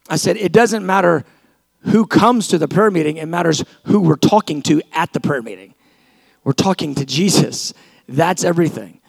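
Passionate high-voiced male preacher. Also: vocal fry, no echo. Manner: animated storytelling, acting out both sides of conversations; passionate, rising to shouts at high points. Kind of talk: sermon.

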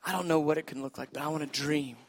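Animated male pastor with a high voice, moving from loud to hushed. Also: quick pace. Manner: animated, swings from shouting to hushed. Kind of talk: sermon.

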